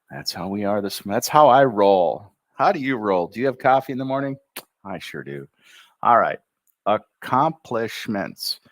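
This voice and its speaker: A man with an American accent teaching a livestream English pronunciation lesson, drilling words slowly syllable by syllable with upbeat asides. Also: on the low side.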